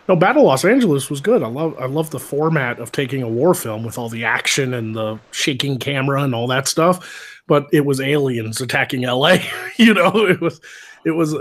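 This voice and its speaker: A man chatting casually on a podcast, rambling with lots of swearing and restarts. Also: medium pitch. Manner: rambling, profane, many restarts. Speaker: podcast co-host, military veteran. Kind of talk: casual chat.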